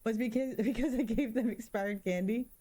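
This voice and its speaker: A woman's voice: on the high side, normal speed, a little hiss or hum. A woman in her thirties doing casual let's-play commentary, joking around and spooking easily. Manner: animated, jokey, easily spooked. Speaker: gaming streamer.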